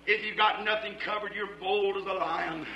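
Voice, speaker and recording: A man preaching a fiery sermon, shouting in a rhythmic, repetitive cadence. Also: sits high, steady tone, moderate pace, echoey room, lo-fi sound.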